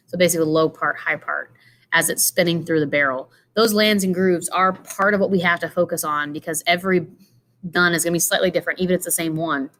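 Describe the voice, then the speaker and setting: Speaking fast in a fairly low, fairly bright voice with fairly even intonation, a woman teacher works through slides in an informal lecture, full of fillers and asides. She sounds tired and yawns. A little hiss or hum can be heard.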